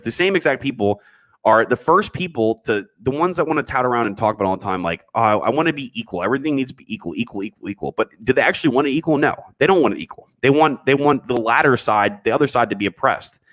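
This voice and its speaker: A man's voice: mid-range voice, lively intonation, fairly quick, a bit bright. A man hosting a casual livestream podcast, reading chat messages and answering them bluntly, with frequent restarts and slang.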